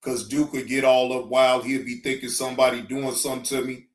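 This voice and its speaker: A man in his fifties speaking AAVE, ranting loudly on a livestream and then chatting and laughing, heard in an echoey room. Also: medium pitch, flat delivery, fairly quick. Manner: loud preachy ranting, then laughing and joking. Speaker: reaction streamer. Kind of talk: livestream rant and casual chat.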